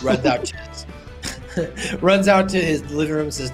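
A man co-hosting a casual podcast, retelling cartoon scenes and jumping into high put-on character voices. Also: normal speed, soft background music. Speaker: podcast co-host.

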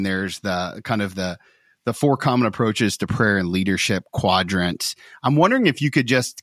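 Low-voiced podcast host asking a question. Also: male voice, fairly bright tone, no room sound, studio quality. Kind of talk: interview question.

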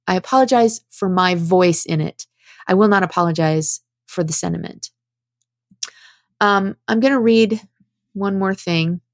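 A woman's voice: fairly low pitch, measured pace, pauses often, dry recording. A woman giving impassioned spoken commentary, earnest and emphatic, at times preaching as she reads out prepared statements.

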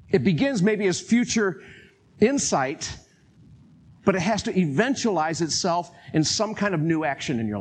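An older man preaching a sermon in an animated way, acting out quotes and chuckling as he talks. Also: on the high side, a little hiss or hum.

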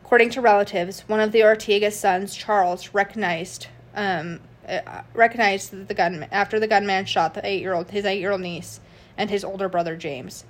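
A woman's voice: medium pitch, fairly even intonation, normal speed. A woman hosting a podcast, narrating a true crime case casually from her notes, with fillers and restarts. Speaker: podcast host.

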